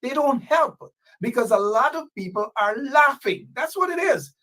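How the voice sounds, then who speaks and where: A woman with a husky voice, speaking in an animated, indignant commentary. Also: high voice, moderate pace. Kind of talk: casual commentary.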